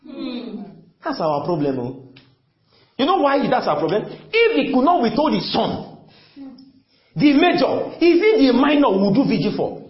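A man preaching a sermon, repeating phrases emphatically and often shouting to the congregation. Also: extremely high pitch, sing-song, measured pace, long pauses. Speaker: pastor. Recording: echoey, dull lo-fi church recording.

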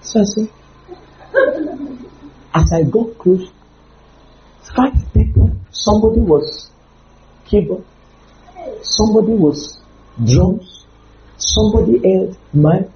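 A man preaching a humorous, animated sermon with sudden loud outbursts. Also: high-pitched, slow, long pauses, reverberant, muffled recording, a little hiss or hum.

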